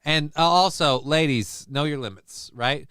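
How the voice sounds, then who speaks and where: Crude joking host, a man with a smooth voice. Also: on the high side, measured pace, pushed and bright, no room sound, studio quality. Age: adult with a young child. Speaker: solo show host. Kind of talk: casual live-show commentary.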